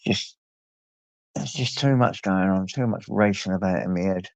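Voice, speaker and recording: A man's voice: sits low, moderate pace, creaky, a little mellow, dry recording. An older man with an English accent hosting a late-night livestream, rambling and greeting viewers by name, swearing freely. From England. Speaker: livestream host. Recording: dull lo-fi stream audio.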